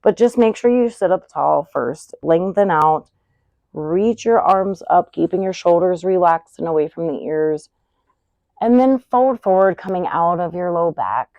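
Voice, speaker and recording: A woman leads a yoga class, talking through each pose and breath at a very slow, calm pace. Her voice sits low and has a gravelly texture. The sound is close and dry. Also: no echo. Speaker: yoga instructor. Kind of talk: guided yoga class instruction.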